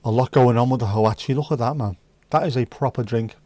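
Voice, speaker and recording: Male stream host, mid-pitched, cheeky banter, dry close-mic sound. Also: fast talker, darkish tone, dry recording. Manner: cheeky, banter-heavy, swears freely. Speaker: livestream host serving virtual drinks. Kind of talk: casual chat.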